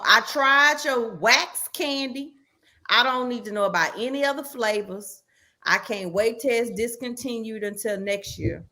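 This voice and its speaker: A woman hosting a casual sports podcast tells a story with lots of exasperated emphasis. Her fairly high voice swoops up and down in a lively way, and she punches key words hard. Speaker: podcast host.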